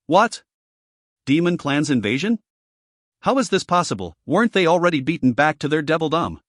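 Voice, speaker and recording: A man's voice: on the high side, expressive, moderate pace, no room sound, clean studio sound, lightly acted. A man voicing an earnest, determined young male warrior in a fantasy audiobook, asking startled questions.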